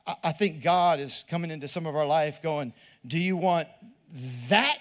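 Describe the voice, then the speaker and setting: A middle-aged pastor with a drawl delivers a sermon, his voice high for a man and his pace a little fast. He speaks to the crowd like a friend, circling back over his own words and repeatedly putting questions to them.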